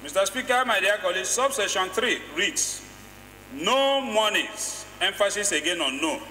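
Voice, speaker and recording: A man's voice: high voice, expressive, a little fast, bright, forceful tone, a little hiss or hum. A Nigerian man addressing parliament, quoting law and stressing single words emphatically. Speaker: lawmaker. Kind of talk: parliamentary speech. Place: legislative chamber. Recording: echoey chamber from a distance.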